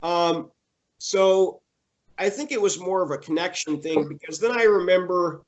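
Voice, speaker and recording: A young man being interviewed, telling a personal story in a halting way with many fillers and restarts, getting emotional. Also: high-pitched, muffled recording.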